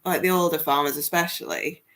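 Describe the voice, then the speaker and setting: A woman chatting casually as a guest, quick to chime in. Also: low voice, fairly even intonation, fairly bright tone. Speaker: guest, paranormal podcaster. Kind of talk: casual chat.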